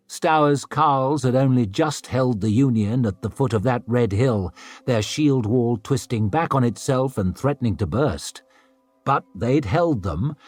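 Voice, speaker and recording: A man's voice: medium pitch, no echo. A man narrating a fantasy audiobook in a dramatic storytelling manner. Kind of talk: scripted narration.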